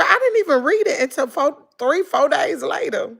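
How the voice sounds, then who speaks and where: A middle-aged Southern woman with a fairly high, gravelly voice chats on her stream. She tells stories animatedly and addresses viewers as "girl" and "y'all". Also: expressive, moderate pace, hardly any pauses. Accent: Southern American English. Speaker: vlogger. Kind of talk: casual livestream chat.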